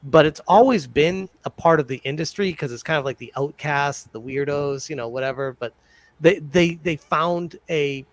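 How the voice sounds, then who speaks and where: Give me a man with a higher voice, rambling. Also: moderate pace, no echo. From Italian heritage. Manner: conversational, rambling with restarts. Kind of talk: casual podcast chat.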